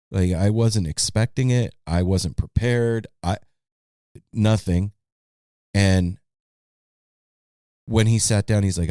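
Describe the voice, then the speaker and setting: A man's voice: fairly low pitch, measured pace, long pauses, warm tone, clear, resonant tone, no echo, studio quality. Easygoing man hosting a podcast. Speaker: podcast host. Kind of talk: casual chat.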